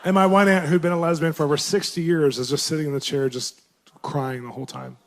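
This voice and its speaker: A man, a Christian minister, tells a personal testimony in a lively way, laughing often and jumping up in pitch for his own quoted reactions. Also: fast. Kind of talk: animated personal storytelling.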